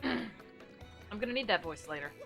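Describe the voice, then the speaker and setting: Woman streamer with a lively voice. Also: mid-range voice, measured pace, over music. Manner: joking asides between read lines. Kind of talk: casual gameplay commentary.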